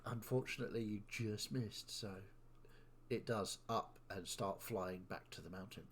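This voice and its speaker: A man running a tabletop game as game master, giving calm, matter-of-fact rulings. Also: lowish voice, moderate pace, a little hiss or hum.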